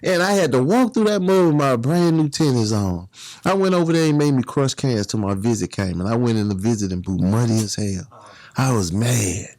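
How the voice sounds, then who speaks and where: Guy telling stories, does everybody's voices, mid pitch, dead dry sound. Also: brisk, dry recording. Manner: animated storyteller acting out others' voices. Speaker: guest, former gang leader. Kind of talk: storytelling in a podcast interview.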